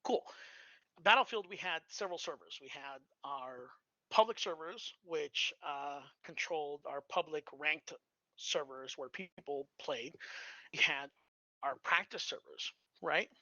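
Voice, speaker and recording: A bright-toned, medium-pitched storyteller on a live stream shares casual anecdotes, halting often with many fillers and restarts. The voice is dry and close, though the audio sounds dull and lo-fi.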